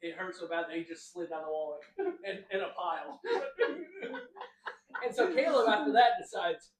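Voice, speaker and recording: Young man, podcast co-host, animated storytelling, high-pitched, roomy echo. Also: moderate pace, distant mic, a crowd in the background. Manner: animated, acts out quotes loudly. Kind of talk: casual storytelling chat. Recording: echoey room, voice a bit off-mic.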